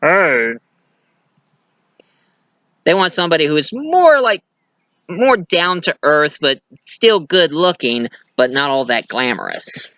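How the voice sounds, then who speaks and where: A man's voice: on the high side, sharp tone, clear, resonant tone, no room sound. A man giving a casual, rambling movie review, chatty and full of restarts. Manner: rambling, chatty, many restarts, laughs at own jokes. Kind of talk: casual film review monologue.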